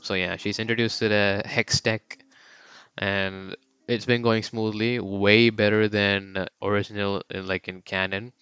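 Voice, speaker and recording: A man's voice: on the low side, flat delivery, measured pace, fairly bright tone, clean tone, no echo, dull audio. A young man casually narrating a fan story, slangy and rambling.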